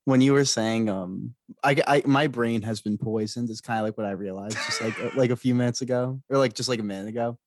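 A man's voice: mid-range voice, fairly quick, hardly any pauses, dry recording. A man in a casual podcast chat, laid-back and sarcastic, often breaking into laughter.

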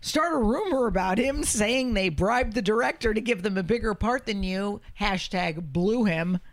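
A woman's voice: medium pitch, moderate pace. A woman hosting a podcast, chatting casually, blunt and joking, swearing freely. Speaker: podcast host. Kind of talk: casual chat.

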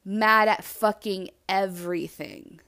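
A woman hosting a podcast, talking alone in a blunt, animated and self-reflective way and swearing freely. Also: mid-range voice, slow pace. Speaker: podcast host. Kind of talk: candid solo monologue.

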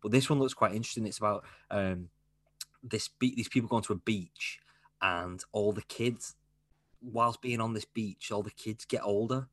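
Male podcast co-host, lowish pitch, dry close sound, loose and jokey. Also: moderate pace, fairly bright tone, no echo. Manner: chatty, joking, rambling asides. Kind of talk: casual film chat.

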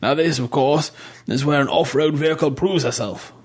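A man's voice: a little high, normal speed, breathy edge, pitched above the performer's own voice. A genial elderly army major chats jovially in a raised, clipped voice, as a male narrator puts him on. He sounds old-fashioned and cheerful. It is a figure from an audiobook story.

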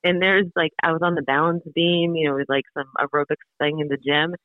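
A woman's voice: low voice, fairly even intonation, a little fast, no echo. A woman guest in a podcast interview, bubbly and enthusiastic, talking in a chatty way with lots of fillers. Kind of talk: casual interview. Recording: tinny phone-like remote call line.

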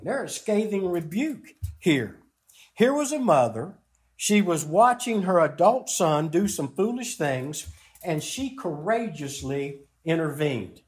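Slow, emphatic preaching man. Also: on the high side. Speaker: pastor. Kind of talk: sermon.

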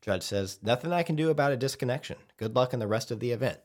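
Man, podcast host, casual storytelling, lively intonation, swears, acts out quotes. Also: medium pitch, fast.

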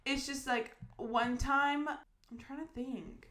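A woman's voice: sits high, fairly even intonation, slow pace, bright, forceful tone. A young woman co-hosting a casual chat, tossing in playful, joking asides. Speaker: podcast co-host.

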